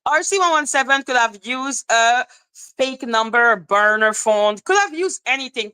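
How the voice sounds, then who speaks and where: Profane, ranting woman with a bright voice. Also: fairly high pitch, expressive, moderate pace, clean tone, poor audio. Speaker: livestream commentator. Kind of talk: casual livestream rant.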